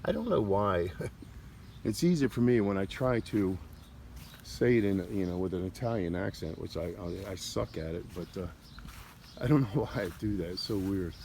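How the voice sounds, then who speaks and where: Brief: low-voiced man, loose rambling vlog narration outdoors, faint outdoor ambience behind. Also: lively intonation, creaky, mellow, a little hiss or hum. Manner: rambling, halting over names. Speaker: cemetery tour vlogger. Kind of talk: casual walking commentary. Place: outdoor cemetery.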